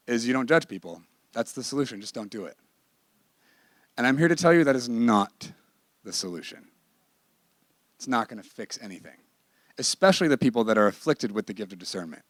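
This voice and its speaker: A man teaches a ministry class in a conversational sermon style, emphatic and candid, breaking into bursts of laughter. His mid-range voice is a bit bright, recorded at studio quality with no room sound.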